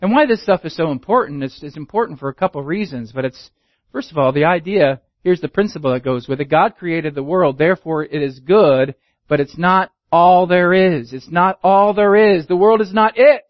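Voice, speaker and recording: Man, sermon, high pitch, dry close sound, muffled, emphatic repetition. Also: moderate pace, no echo. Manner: emphatic, repeats key phrases. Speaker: pastor. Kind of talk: sermon teaching.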